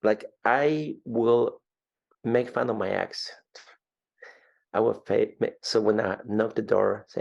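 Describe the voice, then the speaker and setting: A man in his fifties from Ecuador with an Ecuadorian Spanish accent, telling his story as an interview guest in an animated way, often repeating words. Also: on the low side, slow, creaky, pauses often, muffled recording.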